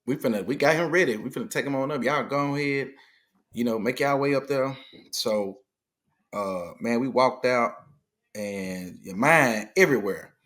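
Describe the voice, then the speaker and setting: A middle-aged man tells a story as a guest in a relaxed conversation. He brings it to life by acting out the people he quotes. His voice sits at a medium pitch. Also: moderate pace. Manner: animated retelling, acting out quoted dialogue. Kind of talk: casual storytelling.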